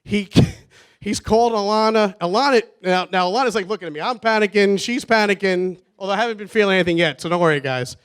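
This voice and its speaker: A man's voice: high voice, fast talker, fairly bright tone, smooth. A man giving a rambling, nervous wedding toast for his brother, laughing often. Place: wedding reception.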